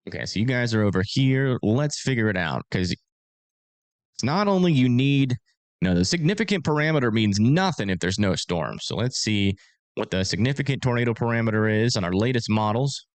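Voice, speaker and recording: A man hosting a casual storm-forecast livestream. He talks in a rambling, filler-heavy way, and his pitch moves a lot. The sound is close and dry, with no room echo. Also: lively intonation, a little fast.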